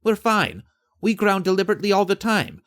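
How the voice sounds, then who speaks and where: A man reading an audiobook, voicing a relaxed, knowledgeable male boat crewman in a higher, breezy, matter-of-fact voice. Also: brisk.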